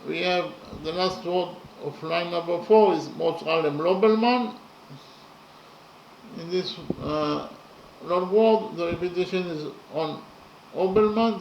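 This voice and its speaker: A man explaining verse slowly and methodically, counting syllables and letters aloud with many pauses. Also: on the high side, gravelly, reverberant, muffled recording, slight background noise. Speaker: poetry lecturer. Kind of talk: methodical spoken analysis of verse.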